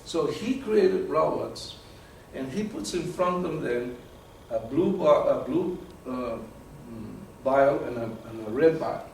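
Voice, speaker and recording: A man giving a live talk to an audience, animated and often repeating words as he searches for terms. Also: medium pitch, slow, creaky, few pauses, slight background noise. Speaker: presenter. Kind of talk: live lecture with audience questions. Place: meeting room with an audience. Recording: very echoey room from far off.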